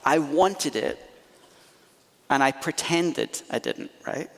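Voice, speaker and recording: A Scottish man preaching as a pastor, telling stories in an animated, self-deprecating way in a church auditorium. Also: on the high side, slow pace, gravelly. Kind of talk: storytelling sermon. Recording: reverberant church hall.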